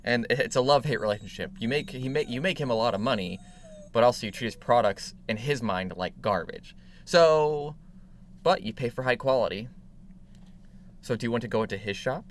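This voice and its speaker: A man's voice: mid-range voice, a little fast, slight background noise. A man narrating as game master of a tabletop game, playful and teasing with his player.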